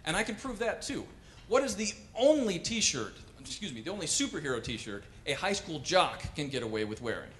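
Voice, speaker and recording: A man performing wry, animated stand-up comedy on a cultural center stage. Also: on the high side, normal speed, few pauses, a little hiss or hum. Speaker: comedian and pianist.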